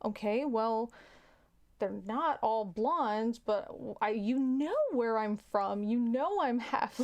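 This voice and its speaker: A woman's voice: fairly high pitch, takes it slowly, a little mellow. A woman hosting a casual livestream, chatting frankly with viewers and often restarting her sentences. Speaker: livestream host.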